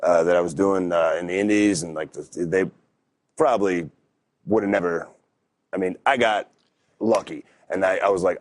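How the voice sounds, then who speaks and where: A low, deep-voiced man in his thirties spins a long story in a relaxed, meandering way. He keeps starting over and piling up fillers. The sound is dry and close. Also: a little fast, no room sound. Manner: laid-back, rambling, lots of fillers and restarts. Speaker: wrestler, podcast guest. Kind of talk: casual storytelling interview.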